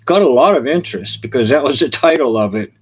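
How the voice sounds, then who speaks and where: A man preaching, telling funny illustrations with chuckles as an animated storyteller. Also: medium pitch, quick pace, husky. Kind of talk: sermon illustrations, storytelling jokes.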